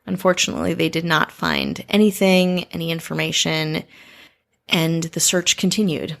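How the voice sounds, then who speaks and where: A woman co-hosting a podcast, narrating a true crime case in an earnest, steady storytelling manner with side comments. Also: deep voice, moderate pace, gravelly. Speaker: podcast co-host.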